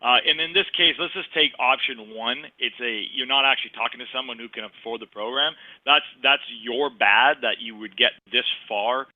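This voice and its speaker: A man's voice: mid-range voice, normal speed, hardly any pauses, no room sound. A man co-coaching on a sales call, explaining and praising techniques with enthusiasm. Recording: phone-like call audio.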